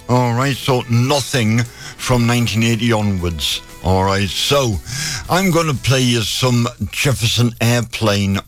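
A gruff, deep-voiced man hosts a local radio show. He talks slowly, with easy fillers. Faint music plays beneath him. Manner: relaxed, unhurried announcing with filler words. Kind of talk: community radio DJ links.

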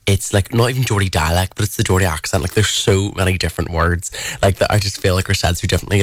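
A man's voice: low voice, fairly even intonation, fast, no room sound. A young man in his twenties with an Irish accent, hosting a local radio show in a studio and chatting casually between songs, with lots of "like.". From Ireland. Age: 20s. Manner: chatty, peppered with "like".

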